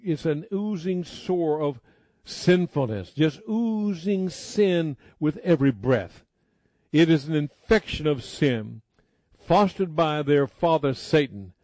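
A man preaching a sermon emphatically, slowing down to stress key words. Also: fairly high pitch, darkish tone, no echo.

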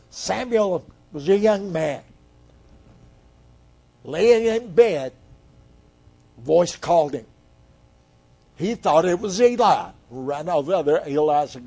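An older man preaching a sermon in a slow, earnest way, with pauses between phrases. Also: on the high side, mellow. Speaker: guest preacher.

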